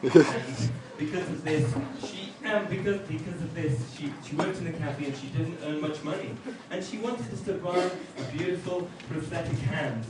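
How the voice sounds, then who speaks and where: A man doing a stand-up comedy set, telling deadpan one-liners with pauses for laughs. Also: fairly high pitch. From outside England. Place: comedy club stage with audience laughter. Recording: echoey club from far off, noisy.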